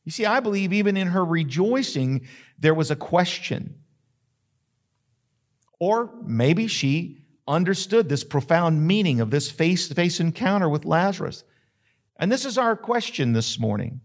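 Dramatic preacher. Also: male voice, sits high, very animated, unhurried. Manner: dramatic, rising to emphatic questions. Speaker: pastor. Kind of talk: sermon with dramatic storytelling.

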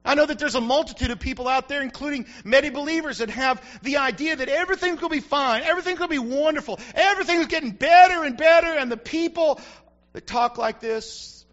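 A male pastor preaching an emphatic sermon that builds to shouts, recorded on a dull lo-fi recording. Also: extremely high pitch, quick pace. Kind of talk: fiery sermon.

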